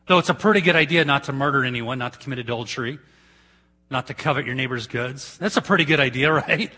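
A man preaching a sermon in a church, swinging between loud emphatic peaks and hushed low asides. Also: breathy edge.

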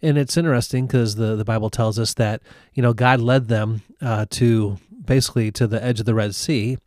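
A man's voice: mid-range voice, steady tone, brisk, darkish tone, no echo. A man walks through Bible passages in an easy, chatty way, acting out the quotes. His voice sits in the middle range. The recording is close and dry, with no room sound. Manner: storytelling with acted-out quotes, frequent fillers. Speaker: Bible teacher. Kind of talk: conversational Bible teaching.

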